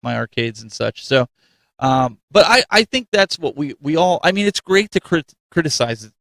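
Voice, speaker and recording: Male show host, lively and self-deprecating, dry close sound, slight cold. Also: on the high side, normal speed, gravelly, dry recording. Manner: animated and self-mocking, laughs often. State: getting a cold. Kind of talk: casual live-stream chat.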